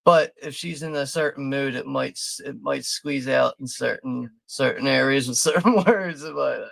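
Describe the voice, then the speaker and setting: A man's voice: medium pitch, normal speed, creaky, fairly bright tone, no echo. A man from Philadelphia hosting a live movie watch party, rambling and swearing with frequent laughs. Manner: profane, rambling, laughing often. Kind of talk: casual live commentary.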